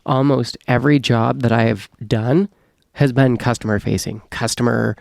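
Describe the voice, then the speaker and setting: A man's voice: medium pitch, steady tone, normal speed, gravelly, a little mellow, no echo, clean studio sound. A man, a podcast host now interviewed in casual chat, talking candidly and rambling, swearing freely.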